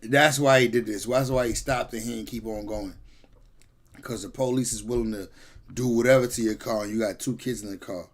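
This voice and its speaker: A man hosting casual reaction commentary in a blunt, slangy way, jumping from outbursts to low mutters. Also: fairly even intonation, brisk, heavy background noise. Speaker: host reacting to a video.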